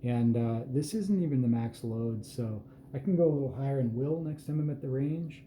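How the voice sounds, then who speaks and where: A man giving an unhurried, plain-spoken walkthrough at an indoor reloading bench, with self-deprecating asides. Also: mid-range voice, dark tone, a little hiss or hum. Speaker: host showing his hand loads. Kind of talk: casual hands-on explanation. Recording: roomy echo with faint ambience.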